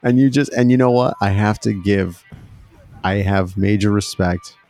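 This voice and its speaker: A man's voice: on the low side, moderate pace, a little mellow, soft background music. A man co-hosting a podcast in loose, enthusiastic casual chat, swearing now and then. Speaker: podcast co-host. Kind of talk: casual chat about music.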